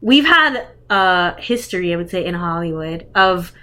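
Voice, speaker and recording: A woman's voice: lowish voice, animated, normal speed, pushed and bright. A woman co-hosting a podcast, chatting casually about movies in a chatty way and using lots of "like". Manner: chatty, fills with "like". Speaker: podcast co-host.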